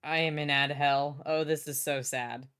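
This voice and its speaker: A woman's voice: low voice, fairly even intonation, moderate pace, fairly bright tone, clear, resonant tone. A young adult woman streaming casually from home, bubbly, swearing freely and reading chat aloud.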